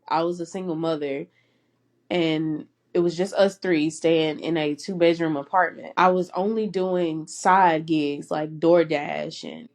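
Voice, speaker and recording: A woman's voice: on the low side, darkish tone. A young woman hosting a personal faith podcast, speaking earnestly and emotionally and laughing between phrases. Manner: emotional, close to tears at times. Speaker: podcast host.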